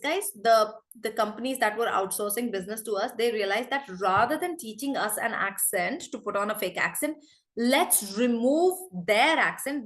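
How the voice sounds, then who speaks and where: A woman's voice: on the high side, a bit bright. A woman with an Indian English accent teaching a live online class over a video call, chatty and calling students by name.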